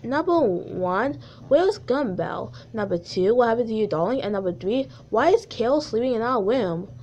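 Brief: a bossy little cartoon rabbit girl explaining things slowly, read by a woman, slightly higher voice. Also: lively intonation, darkish tone, lo-fi sound, slight background noise. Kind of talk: reading a fan story aloud.

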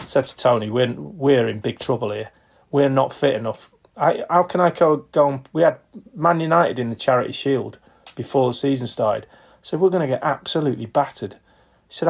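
A man's voice: medium pitch, vocal fry. Man in his fifties telling stories. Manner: lively storyteller who acts out quotes and laughs often. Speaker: podcast guest, retired footballer. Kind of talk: casual anecdotal storytelling.

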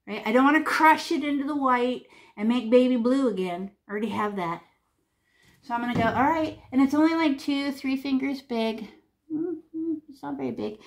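A woman leading a painting lesson for children, chatty and animated, narrating her brushstrokes with sound effects and sing-song noises. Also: fairly high pitch. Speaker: art teacher.

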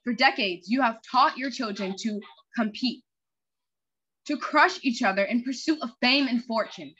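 A woman's voice: a little high, a bit bright, breathy edge. Woman reading as a cold hacker villain. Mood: menacing. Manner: slow, deliberate proclamation. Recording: lo-fi muffled recording.

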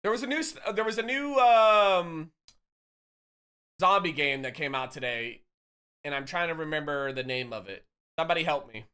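A man's voice: a little high, animated, fast, pushed and bright, clear, resonant tone. A male streamer in casual chat with his viewers, joking, swearing and reading their messages aloud. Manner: loose, swearing, teasing banter with chat; reads chat messages aloud and answers them.

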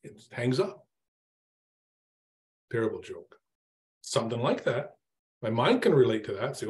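A man's voice: mid-range voice, big pitch swings, measured pace, pauses often, a little mellow. A middle-aged man preaching an informal sermon, conversational, asking his listeners questions and acting out his own exasperated prayers.

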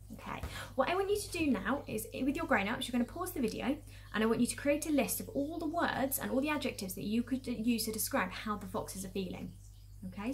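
A woman, a primary school teacher, reading a storybook aloud and explaining it patiently to young children. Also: on the high side.

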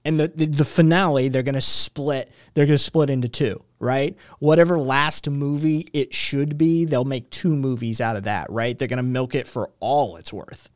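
Swearing freely, a young adult man hosting a stream rambles through a casual rant, frequently restarting and sounding exasperated. His medium-pitched voice has fairly even intonation, moving at a normal speed with few pauses. The sound is clean studio audio without echo.

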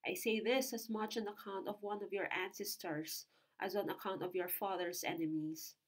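A woman's voice: mid-range voice, steady tone, normal speed, natural voice, rough recording. Woman voicing an old soldier, blunt, grave, matter-of-fact, compassionate.

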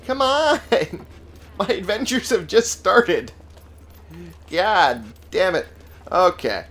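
A man's voice: sits high, big pitch swings, slow, fairly bright tone. A man giving casual gameplay commentary, sarcastic and profane, talking back to the game's characters. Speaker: let's play gamer.

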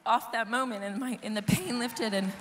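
A woman worship leader, hoarse and losing her voice, telling an earnest personal testimony to a live audience. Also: fairly high pitch, moderate pace, slight background noise. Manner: earnest, storytelling, talks to the crowd. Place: large conference hall. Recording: live hall reverb with soft music.

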